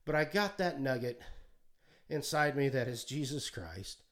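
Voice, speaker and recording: A man's voice: medium pitch, sing-song, a bit bright. Choked-up man with drawl. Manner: halting, many restarts, gets choked up, folksy. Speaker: podcast co-host sharing testimony. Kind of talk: emotional personal testimony, sermon-like. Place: alone at home.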